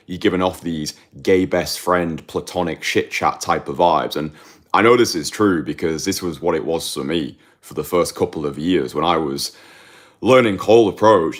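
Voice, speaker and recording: Low-voiced blunt man coaching. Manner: blunt, emphatic, repeats for effect. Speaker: dating coach. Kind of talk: direct-to-camera monologue.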